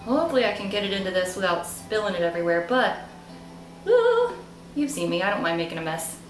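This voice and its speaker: A woman's voice: medium pitch, big pitch swings, fast, roomy sound, music in the background, low-quality recording. A young woman hosting a casual cooking demonstration, chatty and playful, joking at her own expense. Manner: chatty and playful, laughs at herself. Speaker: cooking video host.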